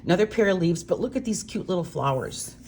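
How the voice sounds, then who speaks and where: An older woman from Minnesota, chatting warmly and gushing as she demonstrates card-making. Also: lowish voice, expressive, fast talker, slight background noise. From Minnesota, USA. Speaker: craft demonstrator.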